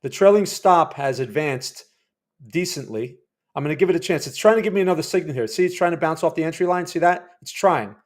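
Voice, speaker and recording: Guy doing live trade commentary, rambly, talks to chat a lot, voice a bit high. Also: lively intonation, brisk. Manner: chatty and rambling, quizzing his chat. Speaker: day trading livestream host.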